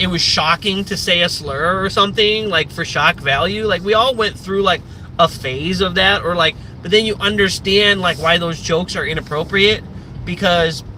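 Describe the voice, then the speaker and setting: A man with a high voice talks on a casual live stream, rambling loosely and swearing freely. His tone is bright and forceful, and his sentences are heavy with "like." It sounds like unscripted, off-the-cuff chat. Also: a little hiss or hum. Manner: rambling and profane, heavy use of "like".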